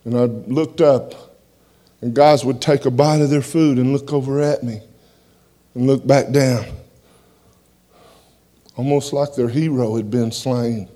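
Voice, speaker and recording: Man with a mellow, dark voice, giving a plain-spoken, folksy church testimony. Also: mid-range voice, steady tone, a little slow, long pauses. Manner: plain-spoken, folksy, repeats words as he goes. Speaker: preacher giving his testimony.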